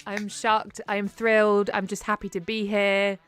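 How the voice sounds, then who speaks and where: A woman guest on a live stream, chatty and quick with quips, laughing often. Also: medium pitch, monotone, a bit bright. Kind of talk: casual chat on a live stream.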